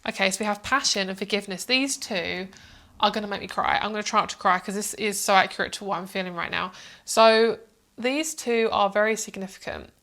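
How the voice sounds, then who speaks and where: A woman reading tarot cards for her viewers in a loose, chatty way. She sounds motherly and talks at an easy middle pitch, wandering through her thoughts and circling back on herself. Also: brisk. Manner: warm, motherly and chatty, calls viewers "my love"; rambling, with many fillers and restarts. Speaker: psychic tarot reader. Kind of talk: casual tarot reading to camera.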